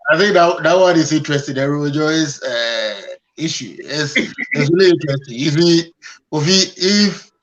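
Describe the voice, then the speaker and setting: A man's voice: fairly high pitch, animated, measured pace, fairly bright tone. A man arguing his points on a panel, emphatic and repetitive. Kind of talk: opinionated panel discussion. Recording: dull lo-fi sound.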